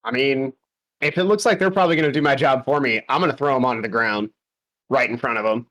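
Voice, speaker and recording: A man's voice: mid-range voice, fast, a bit bright, poor audio. Man, tabletop player, casual chat, joking tone, mid-range voice. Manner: joking, asks rules questions.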